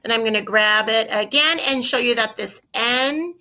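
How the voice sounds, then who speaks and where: A woman's voice: on the high side, moderate pace, bright, forceful tone. A woman teaching a Spanish grammar lesson over a screen recording, upbeat and coaching, asking her students questions aloud.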